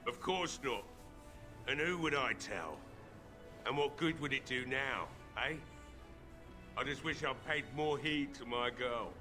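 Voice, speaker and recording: A man voicing a gruff, bitter old village blacksmith who is drunk, with a weary drinker's drawl, in a video game. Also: mid-range voice, unhurried, pauses often, music in the background, close to an everyday voice. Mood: brooding. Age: older.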